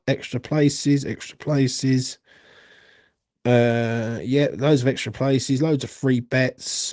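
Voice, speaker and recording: A man's voice: mid-range voice, a little mellow, no echo. Young man, watchalong host; rambling, sweary, self-deprecating chat; dry phone mic. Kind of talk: casual live-stream chat.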